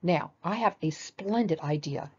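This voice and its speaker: A woman voicing a fussy, bossy, scheming male rabbit in a storybook reading, clipped and excitable. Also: lowish voice, unhurried, husky, lo-fi sound. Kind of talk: storybook read-aloud.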